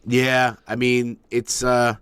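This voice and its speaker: A man's voice: medium pitch, level tone, takes it slowly, fairly bright tone, clear, resonant tone, no room sound. A man co-hosting a podcast in casual chat, laid-back and jokey, with lots of "um" and "you know". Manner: laid-back, joking banter with frequent fillers. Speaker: podcast co-host.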